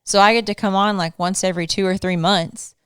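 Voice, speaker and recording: A woman guest on a podcast in casual chat, teasing and animated as she tells a story into a studio microphone. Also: medium pitch, a little fast, smooth, no room sound.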